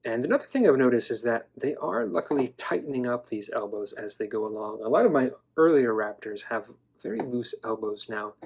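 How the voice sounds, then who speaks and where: A man's voice: medium pitch, lively intonation, brisk, creaky, few pauses, a little mellow, breathy edge. A man casually reviewing collectible dinosaur toys in a chatty, enthusiastic, playful way. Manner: enthusiastic, chatty, playful, with some stammering restarts. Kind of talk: casual toy review vlog.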